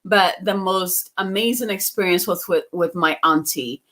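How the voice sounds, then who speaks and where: A woman's voice: on the low side, normal speed, fairly bright tone. A woman guest from outside the US, telling personal stories in a casual, chatty way with frequent laughs and fillers. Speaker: psychic medium guest. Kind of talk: casual interview storytelling.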